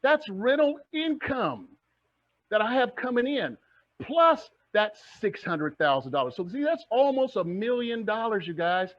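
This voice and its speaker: A man's voice: sits high, sing-song, measured pace. A middle-aged man giving a motivational presentation to a club, full of energy and firing rhetorical questions at the audience. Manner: acts out the audience's replies. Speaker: real estate investor and presenter. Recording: dull lo-fi recording.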